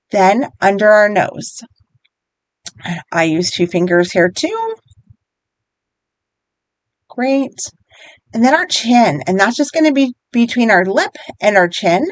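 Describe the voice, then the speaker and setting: A woman guiding listeners through a tapping exercise, speaking gently and encouragingly, step by step. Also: fairly high pitch, clean tone, dry recording. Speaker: EFT wellness guide. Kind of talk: guided tapping instruction.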